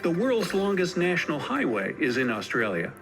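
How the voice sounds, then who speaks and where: A man's voice: on the high side, huge pitch swings, normal speed. A man giving scripted list narration with light jokey asides. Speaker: narrator of reacted video. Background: background music.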